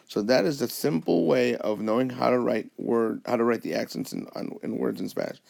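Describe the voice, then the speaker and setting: A man's voice: medium pitch, creaky, darkish tone. A man teaching a recorded whiteboard lesson, explaining patiently step by step and often checking in with "okay?". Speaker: Spanish teacher. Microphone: tablet recording.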